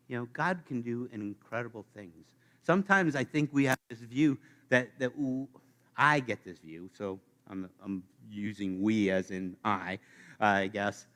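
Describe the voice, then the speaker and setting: Animated male preacher, lively voice. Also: mid-range voice. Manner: animated, playful, addresses congregation directly. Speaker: pastor. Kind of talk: sermon. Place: church sanctuary.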